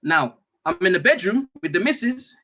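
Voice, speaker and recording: Animated comic with a bright voice. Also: male voice, sits high, moderate pace. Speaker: stand-up comedian. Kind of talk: stand-up comedy monologue. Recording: dull lo-fi stream audio.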